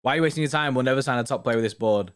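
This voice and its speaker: A man's voice: medium pitch, rapid-fire, smooth. A young man chatting casually as a host, rambling and often asking "do you know what I mean". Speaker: host reading viewer comments. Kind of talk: casual live-stream chat.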